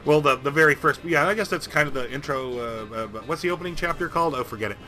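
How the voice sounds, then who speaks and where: A man narrating a video game playthrough in a jokey, rambling, animated way. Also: fairly high pitch, fast talker. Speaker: game streamer. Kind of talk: comedic let's-play narration.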